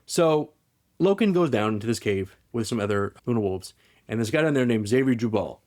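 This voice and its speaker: Podcast guy talking super fast, rambly, keeps restarting, pretty normal pitch. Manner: rambling, animated, full of "like" and restarts. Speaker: podcast host. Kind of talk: casual chat retelling a story.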